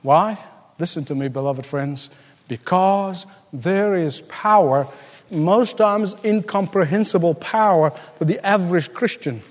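A male pastor delivers an impassioned sermon in a high voice. He swings from loud, soaring lines down to quiet, intimate asides. The sound carries the long reverb of a large church hall. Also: a little slow.

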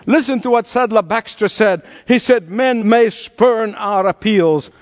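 A middle-aged man preaching a sermon, telling the story with animated energy and chuckling as he goes. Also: high voice, unhurried. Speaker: pastor.

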